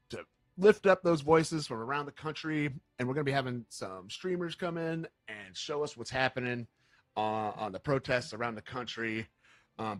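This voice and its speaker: A man hosting a livestream, talking in an earnest, impassioned way with many fillers and halting restarts. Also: medium pitch, no echo. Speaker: livestream host. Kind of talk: emotional livestream talk.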